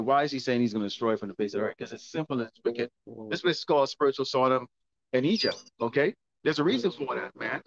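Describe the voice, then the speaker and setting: A man's voice: mid-range voice, lively intonation, fast talker, gravelly, slight background noise. A man preaching a sermon and reading scripture, asking rhetorical questions that he answers himself. He repeats words and keeps checking in with "okay?". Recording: dull lo-fi dry recording.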